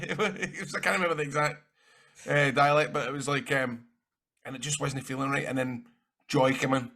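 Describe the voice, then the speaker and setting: A man with a Scottish accent, a guest in an interview, telling rambling, animated stories and swearing freely. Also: mid-range voice, normal speed. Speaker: interview guest, actor and wrestler. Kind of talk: casual anecdotal storytelling.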